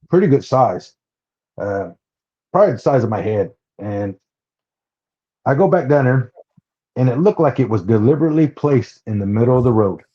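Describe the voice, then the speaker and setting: A man from Oklahoma, a podcast guest, telling a personal story in a halting way, restarting and repeating words. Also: mid-range voice, mellow. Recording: dull lo-fi sound.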